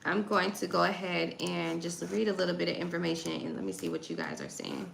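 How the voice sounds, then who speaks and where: A woman's voice: on the low side, expressive, fairly quick, creaky, fairly bright tone, echoey room, a little hiss or hum, poor audio. A woman hosting a livestream, chatting casually with her viewers and reading text aloud. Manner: chatty, talks to chat, reads text aloud. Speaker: livestream host.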